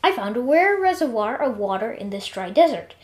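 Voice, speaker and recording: A woman's voice: on the high side, big pitch swings, fairly quick. A woman playing a dry, know-it-all robot computer. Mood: informative. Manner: dry, explanatory, lightly scolding. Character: calm, matter-of-fact female robot computer.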